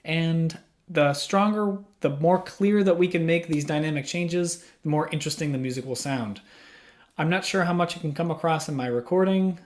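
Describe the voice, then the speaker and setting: A music teacher with a fairly high voice speaks at a moderate pace into a studio microphone, giving a patient lesson in a small room. He poses questions and then answers them himself, step by step.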